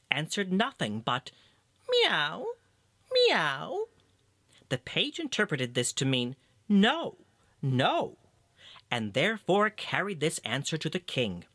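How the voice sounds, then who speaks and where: A narrator reading a fairy tale aloud with expressive storytelling. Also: no echo, studio quality. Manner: expressive storytelling, varied in pitch.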